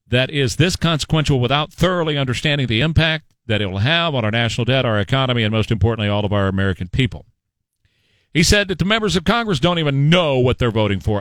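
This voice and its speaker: A man's voice: fairly high pitch, a bit bright, no echo. Sarcastic talk radio man, dry studio. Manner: combative and sarcastic, mocking voices of others. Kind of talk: opinionated talk radio commentary.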